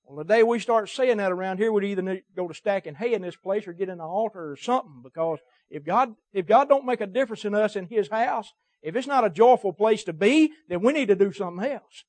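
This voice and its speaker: A man's voice: sits high, fast talker, few pauses, a little mellow, no echo. A man preaching a sermon to his church, emphatic and cadenced, his volume swelling and dropping. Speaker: pastor. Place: church service.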